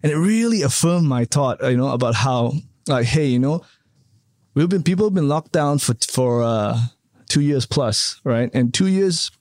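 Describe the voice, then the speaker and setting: A man's voice: medium pitch, expressive, moderate pace, darkish tone, no room sound, studio quality. A man being interviewed in a casual chat, rambling with many fillers and tag questions. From Canada. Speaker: interview guest, hotel developer.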